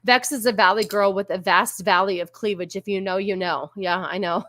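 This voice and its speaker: A woman's voice: medium pitch, fairly even intonation, normal speed, few pauses, pushed and bright. A woman from California hosting a casual livestream, chatting with viewers in a sassy, laughing way and slipping into a valley girl voice. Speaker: livestream host. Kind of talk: casual chat with live chat viewers.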